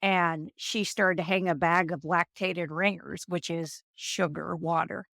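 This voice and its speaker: A woman in her fifties talks as an interview guest, drawing on her work as a nurse. Her voice sits on the low side and is recorded close and dry. She tells animated stories and slips into the voices of the people she quotes. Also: measured pace, creaky, no room sound. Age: 50s. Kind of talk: storytelling interview.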